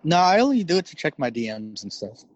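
A man's voice: on the high side, very animated, fast talker. A man in casual chat, joking around and laughing often.

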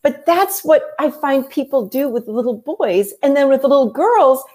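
A middle-aged woman therapist explaining her ideas in an interview, animated and explanatory, often acting out what people say. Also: high-pitched, normal speed. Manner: animated, explanatory, acts out quotes. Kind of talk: conversational interview.

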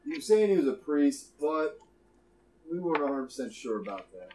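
A man voicing a calm, businesslike dark elf gang boss behind a desk. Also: on the high side, moderate pace, reverberant, a little hiss or hum, pitched above the performer's own voice, low-quality recording.

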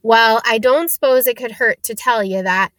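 A woman's voice: a little high, moderate pace, fairly bright tone, dry recording, lightly acted. A woman reading aloud, voicing a big, friendly, secretive male groundskeeper with folksy, clipped speech. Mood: chatty.

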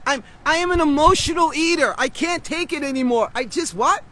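A man's voice: very high-pitched, a little fast, bright, forceful tone. A man vlogging outdoors on a city street, ranting in an agitated, rambling way with frequent swearing and restarts. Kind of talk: street vlog rant.

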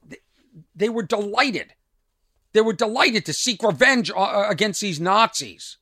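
A man hosting a comedy podcast, talking over a news clip in a halting, reflective way with many restarts. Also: high voice, fairly bright tone, dry recording, studio quality. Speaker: podcast host. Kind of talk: casual commentary on a news clip.

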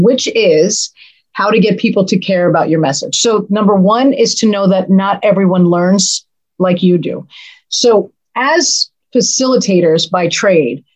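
Middle-aged woman, podcast guest, lively dramatic storyteller, mid-pitched voice. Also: low-quality recording. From United States. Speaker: guest, leadership trainer. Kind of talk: podcast conversation.

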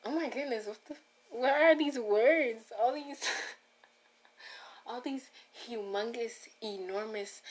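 A woman hosting a casual solo podcast, rambling and breaking off her own sentences as she talks straight to her listeners. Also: medium pitch. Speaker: podcast host.

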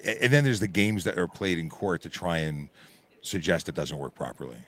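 A hoarse man, a police constable from Canada, explaining traffic rules informally on a live radio call-in from a busy auto show. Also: low voice, lively intonation, normal speed, a bit bright.

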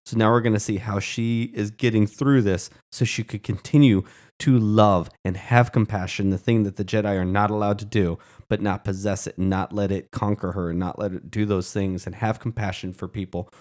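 A man with a somewhat low voice co-hosts a podcast in relaxed conversation. He speaks earnestly and with real passion. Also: normal speed. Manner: earnest and impassioned. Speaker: podcast co-host. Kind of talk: casual podcast chat.

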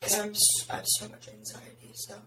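A raspy young woman hosting a casual podcast chat, her speech dotted with constant "like"s. She sounds a little away from the mic, in a room with audible echo. Faint background hiss sits underneath. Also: brisk, bright, forceful tone. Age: young adult. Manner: chatty, heavy filler "like". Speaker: podcast host. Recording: roomy, distant mic.

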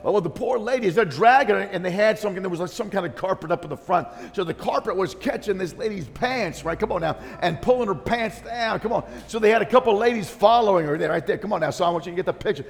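A man preaching a sermon, telling a story in a rambling, animated way with many restarts and asides. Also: sits high, fast, creaky, hardly any pauses. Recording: long hall reverb.

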